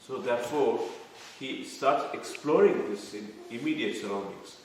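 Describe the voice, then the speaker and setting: In an echoey room with the mic far off, a scripture class teacher of medium pitch lectures devotionally at a measured pace. He goes through terms one at a time and quizzes the people listening, over slight background noise.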